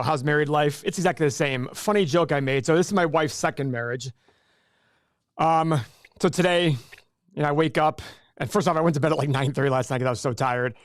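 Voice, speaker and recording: A man in his forties talks in a rambling, easygoing way as a livestream host, answering viewer comments. His voice sits a little high for a man. The sound is dry and close. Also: a little fast, smooth, no room sound. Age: 40s. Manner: chatty, rambling, reads chat aloud. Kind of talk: casual livestream chat.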